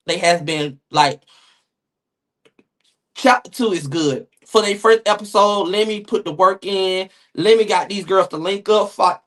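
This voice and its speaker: Loud profane man ranting on a stream. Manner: loud, profane, dramatic rants that jump into high-pitched shouting. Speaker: gossip streamer host. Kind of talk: casual live-stream commentary.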